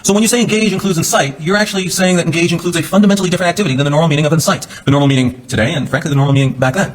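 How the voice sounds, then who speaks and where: A male defense attorney delivers a closing argument in a courtroom at a brisk, hurried clip. His voice has a husky edge, and he talks in a loose, conversational way, full of asides and restarts. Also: fairly high pitch.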